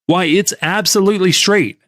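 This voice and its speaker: A man voicing an excitable, pushy male stock tipster in an audiobook, pressing his point insistently. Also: sits high, moderate pace, no echo, studio quality, pitched above the performer's own voice.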